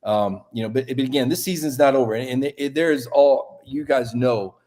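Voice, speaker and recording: Fifties male sports reporter, mid-pitched, easygoing and chatty, restarts his sentences often. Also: a little fast. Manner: relaxed, thinks aloud with frequent restarts. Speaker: sportswriter guest. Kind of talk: casual sports talk.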